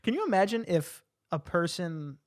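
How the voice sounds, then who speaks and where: A man co-hosting a comedy podcast in casual chat. He teases, laughs easily and pitches outlandish dating scenarios. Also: very animated, moderate pace. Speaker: podcast co-host.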